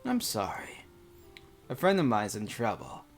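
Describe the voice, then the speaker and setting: A man's voice: lowish voice, huge pitch swings, a little slow, soft background music. A man reading a visual novel aloud with casual, rambling commentary full of fillers.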